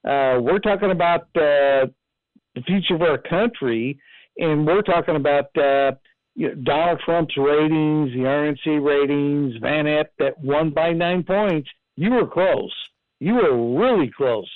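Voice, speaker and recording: A man's voice: on the high side, unhurried, no room sound. Man calling in on a tinny phone line. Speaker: caller. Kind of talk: phone-in talk radio call.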